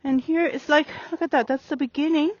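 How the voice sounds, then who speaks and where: Woman, horse trainer, gentle coaxing delivery, talks through her work; dry, slightly dull audio. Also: sits high, fairly quick, no room sound. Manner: calm, coaxing, many fillers. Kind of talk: explaining training while working a horse. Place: outdoor open riding arena.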